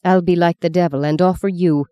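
A woman's voice: lowish voice, fairly even intonation, brisk, warm tone, clean tone, no echo, studio quality, close to an everyday voice. A woman doing a mocking, scheming old woman. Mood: taunting. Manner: mocking, curt, taunting. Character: scheming old wealthy woman, sardonic and malevolent.

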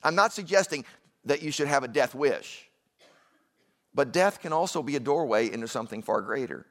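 A man's voice: medium pitch, lively intonation, moderate pace, fairly bright tone. A man preaching a sermon in a conversational way, with asides and questions to the congregation. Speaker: pastor.

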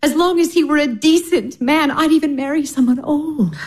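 Woman acting a gentle, consoling elder sister. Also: high-pitched, normal speed, lightly acted. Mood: advising. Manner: soft, soothing, with light laughs. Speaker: stage actress in a radio drama. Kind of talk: radio play acting.

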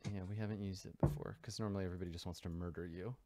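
A man's voice: low-pitched, steady tone, racing, warm tone. A man narrating as game master in a loose, rambling way with many fillers.

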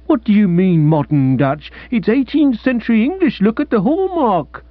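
A man's voice: high-pitched, sing-song, moderate pace, no room sound, lo-fi sound, voice pushed up. A man voicing an indignant male antique shop owner who sputters with outrage. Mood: outraged.

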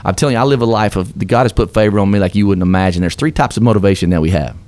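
A man's voice: on the low side, rapid-fire, a little mellow, no echo. A man guest on a radio show, telling his success story with earnest, upbeat, preacher-like emphasis. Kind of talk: motivational storytelling in a radio interview.

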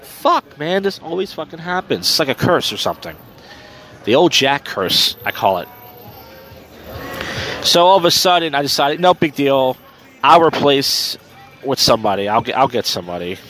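A man with a mid-range, somewhat bright voice records his podcast while walking a street at night. In a casual solo chat, he rambles about his week, with filler words and profanity.

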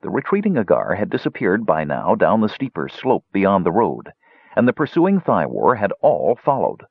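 Male narrator, low husky voice, lively storyteller, dry muffled recording. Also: moderate pace, no echo. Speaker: audiobook narrator. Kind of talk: scripted narration.

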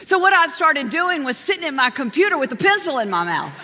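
High bright woman preaching in a hall. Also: a little fast. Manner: lively, chatty preaching with frequent laughs. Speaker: pastor. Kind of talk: sermon. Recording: long hall reverb.

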